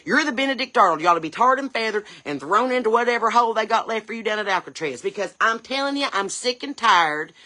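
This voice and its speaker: Woman doing a bright-voiced ranting mom. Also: a little high, expressive, quick pace, few pauses. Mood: indignant rant. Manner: fiery, scolding, rhetorical questions. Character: ranting Southern chain-smoking mom, brash and indignant. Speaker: comedy character creator. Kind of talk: character comedy rant.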